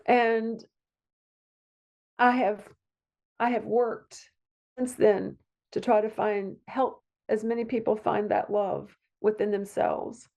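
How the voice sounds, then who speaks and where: A woman's voice: on the high side, fairly even intonation, takes it slowly, creaky, darkish tone. A middle-aged woman from Virginia, a psychiatric nurse practitioner, talking in a heartfelt, rambling way as an interview guest. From Virginia, USA. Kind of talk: conversational interview.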